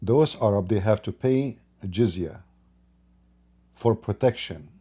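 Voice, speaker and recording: A man's voice: fairly low pitch, slow pace, warm tone, slightly rough. A man hosting his own channel, talking straight to his microphone in an unscripted commentary and stacking up points in emphatic, repetitive lists. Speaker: channel host commenting on politics.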